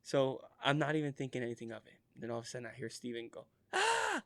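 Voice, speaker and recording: A man in his thirties co-hosting a casual podcast, telling animated stories, often laughing and acting out voices. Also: medium pitch, rapid-fire, no room sound. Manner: animated storyteller, laughs a lot, acts out voices. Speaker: podcast co-host. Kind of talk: casual chat.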